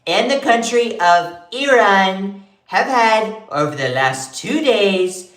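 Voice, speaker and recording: A woman doing an impression of a pompous male politician, drawn-out and emphatic, gesturing as she reads. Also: medium pitch, roomy sound, voice pushed up, low-quality recording. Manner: grandiose, emphatic, drawn-out phrasing, gesturing with hands. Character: pompous male politician reading his own boast.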